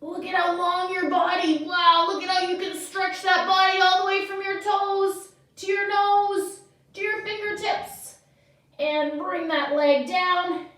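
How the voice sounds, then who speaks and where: A woman leads a children's yoga class in a high, unhurried voice, cheering the kids on as she reads a story. She is recorded from a distance in a very echoey studio. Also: fairly even intonation. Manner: bright encouraging instructions to children. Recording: echoey room, from far off.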